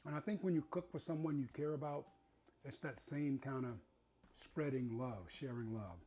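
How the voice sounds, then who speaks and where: Husky enthusiastic man hosting a cooking show. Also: mid-range voice, moderate pace. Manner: warm, enthusiastic, savoring food aloud. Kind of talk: casual cooking show chat.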